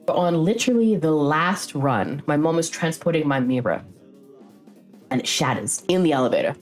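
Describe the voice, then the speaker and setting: A young woman with a notably low voice chats casually on stream, rambling through a story and dropping curses along the way. Faint music plays quietly behind her. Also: moderate pace. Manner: rambling, frequent swearing, lively retelling.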